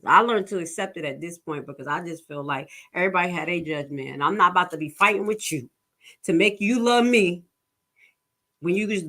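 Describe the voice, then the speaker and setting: A woman's voice: medium pitch, bright, forceful tone. A woman giving casual commentary, telling stories in a blunt, profane, preachy way. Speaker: commentary vlogger.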